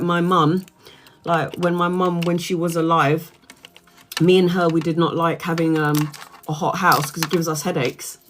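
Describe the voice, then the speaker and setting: A woman's voice: fairly low pitch, fairly bright tone, slight background noise. A woman, congested and bunged up, chatting in a rambling way on a home live stream as a tarot reader and answering viewers' comments. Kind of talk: casual live-stream chat.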